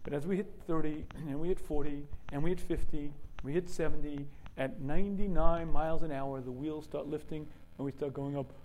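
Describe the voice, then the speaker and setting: A man giving a religious lesson through vivid storytelling, often clearing his throat. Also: a little high, brisk, few pauses, dark tone, slight background noise, rough recording. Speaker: teacher.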